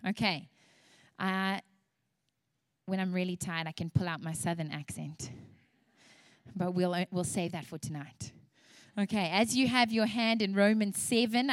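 A woman's voice: medium pitch, dry recording. A woman preaching a sermon to women with passionate, emphatic repetition.

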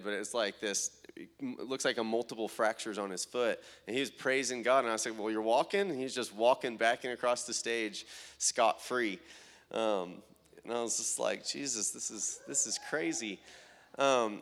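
A man telling testimonies of prayer meetings and healings, often quoting people in a raised, excited voice. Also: mid-range voice. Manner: animated retelling, quoting others in raised voice. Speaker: traveling minister. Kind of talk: testimony storytelling.

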